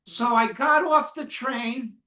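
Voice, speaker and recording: A woman giving a first-person survival testimony to students, speaking slowly and solemnly and often asking the audience questions. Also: a little high, pushed and bright. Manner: slow, solemn storytelling. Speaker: Holocaust educator speaking to students. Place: classroom or lecture hall. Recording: echoey room, mic far off.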